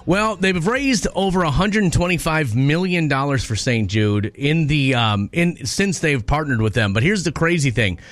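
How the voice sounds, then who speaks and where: A man's voice: on the high side, lively intonation, normal speed, hardly any pauses, a bit bright, no echo. A man in his forties hosting a casual radio chat, talking in an emotional, stumbling way with restarts, from the American Midwest. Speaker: radio show host. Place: radio studio.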